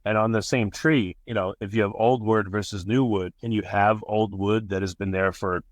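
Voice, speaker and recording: A man's voice: fairly low pitch, steady tone, moderate pace, no room sound. A man hosting an interview, asking long curious questions that ramble and restart. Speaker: podcast host.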